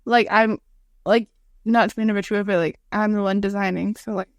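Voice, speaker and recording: A young woman co-hosting a podcast in casual chat, talking fast and loose with lots of "like" and quoting her own comebacks. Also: medium pitch, steady tone, dry recording. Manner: chatty, full of "like", quoting her own retorts. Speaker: podcast co-host.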